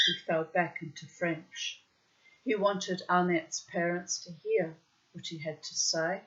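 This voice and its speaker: A woman narrates a story in a slow, unhurried voice with a bright, forceful edge. The recording sounds dull and lo-fi. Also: lowish voice, fairly even intonation, slight background noise. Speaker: audiobook narrator. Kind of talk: scripted narration.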